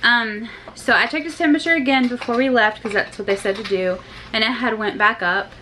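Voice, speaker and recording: A woman's voice: fairly high pitch, a little fast, bright, forceful tone, slight background noise, low-quality recording. A young woman and mother talking casually to her viewers in a family vlog, chatty and full of loose asides. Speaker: vlogger and mother.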